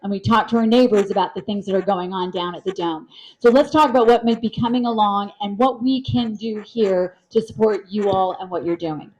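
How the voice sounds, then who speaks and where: A woman's voice: mid-range voice, brisk, a little mellow, rough recording. A woman moderating a panel, speaking in an earnest, emphatic way.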